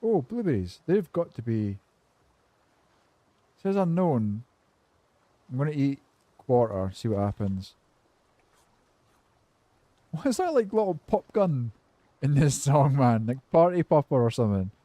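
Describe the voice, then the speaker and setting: Mellow-voiced man in casual, swear-laden stream chat. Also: mid-range voice, very animated, unhurried, long pauses, no echo. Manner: laid-back, swears freely, rambling cynical asides. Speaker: game streamer chatting with viewers.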